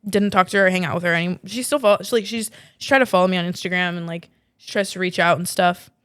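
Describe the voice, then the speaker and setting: A woman's voice: fairly low pitch, fairly even intonation, quick pace, fairly bright tone, clean tone, dry recording, clean studio sound. A woman in her twenties, a podcast host, telling a story in a chatty way full of "like" and swearing. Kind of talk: casual storytelling.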